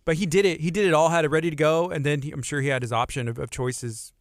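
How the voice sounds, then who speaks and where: A man hosting a casual radio interview, relaxed and conversational, who reads out listener questions. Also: on the high side, quick pace, no room sound, studio quality. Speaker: radio host. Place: radio studio.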